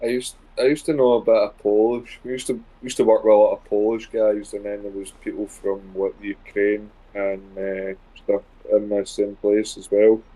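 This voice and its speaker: A man chatting casually as a co-player, calm and matter-of-fact. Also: lowish voice, moderate pace, hardly any pauses, low-quality recording. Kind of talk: casual gaming chat.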